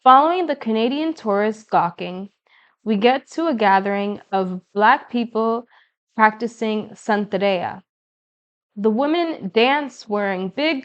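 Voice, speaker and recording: A woman's voice: fairly high pitch, highs cut off. Woman narrating an audiobook in first person. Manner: measured, expressive storytelling.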